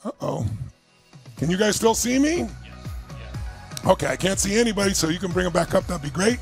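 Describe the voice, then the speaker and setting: A man leading an online seminar as a motivational speaker, energetic and emphatic, firing questions at his audience. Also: high voice, brisk, soft background music. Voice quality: gravelly, husky. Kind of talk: live online seminar coaching. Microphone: speaking to camera for remote viewers.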